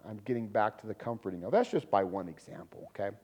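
A man preaching a sermon in a lively, conversational way, with laughs and sudden loud emphasis. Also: lowish voice, fast talker. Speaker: pastor.

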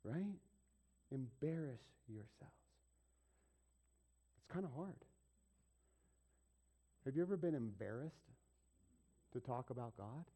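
A man's voice: medium pitch, animated, takes it slowly, pauses often, warm tone. A middle-aged man preaching a sermon in a conversational way, asking the congregation questions and acting out little asides. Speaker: pastor.

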